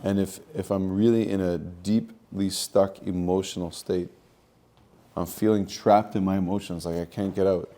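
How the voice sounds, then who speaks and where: Male spiritual coach, low and mellow, earnest, repetitive teaching talk. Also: fairly even intonation, moderate pace. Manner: earnest, repeats phrases, uses Hebrew terms. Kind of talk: teaching monologue.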